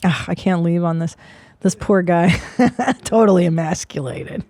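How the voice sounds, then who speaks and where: A woman's voice: lowish voice, takes it slowly, dark tone. A woman in her forties hosting a comedy podcast, riffing in a sarcastic, profane way. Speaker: podcast host.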